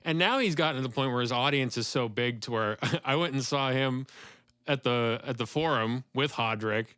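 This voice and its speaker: A male podcast host chatting casually, with a bright, forward tone and a smooth, crisp voice. He rambles enthusiastically through his thoughts and laughs easily. The sound is close and dry, with no room echo. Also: mid-range voice, moderate pace.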